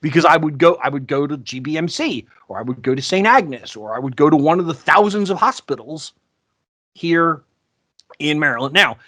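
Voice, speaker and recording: A man co-hosting a podcast, telling sales stories in a casual, animated way and acting out the people he quotes. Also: a little high, normal speed, no echo. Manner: animated, acts out quoted voices. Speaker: podcast co-host. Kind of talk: casual storytelling chat.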